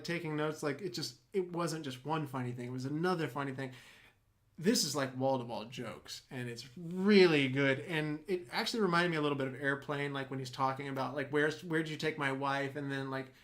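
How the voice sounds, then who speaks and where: A man's voice: on the high side, fairly bright tone. A man co-hosting a movie podcast, chatting casually with enthusiastic, rambling talk. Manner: enthusiastic, rambling with many "like" fillers. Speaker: podcast co-host.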